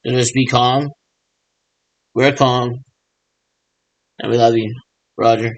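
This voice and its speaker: A man with a voice of ordinary middle pitch rambles on his own. He mimics radio check chatter and keeps answering himself in a loose, repetitive back-and-forth. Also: fairly even intonation, slow, no echo, poor audio. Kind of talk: rambling improvised monologue.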